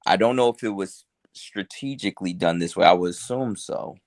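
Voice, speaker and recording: Forties guy on a podcast, low gravelly voice, laid back, slangy, dry mic. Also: normal speed, no echo. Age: 40s. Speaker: podcast co-host. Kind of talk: casual chat.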